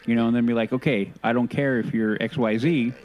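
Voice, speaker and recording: A man's voice: mid-range voice, steady tone, highs cut off, soft background music. A man co-hosting a podcast in casual chat, opinionated and earnest, often restarting his sentences. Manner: halting, many restarts and self-corrections. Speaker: podcast co-host.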